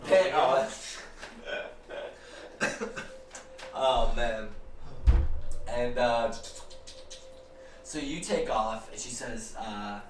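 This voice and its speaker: A man running a tabletop game as game master, narrating with excitement, laughing often and swearing casually. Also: mid-range voice, very slow, long pauses. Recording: echoey room, distant mic, noisy.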